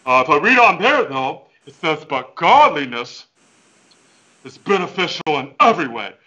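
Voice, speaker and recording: In a comic character interview by video call, a man with a high, bright, forceful voice hams it up as a goofy fitness coach who preaches motivation with total overconfidence. He's on a headset mic, and the audio is poor.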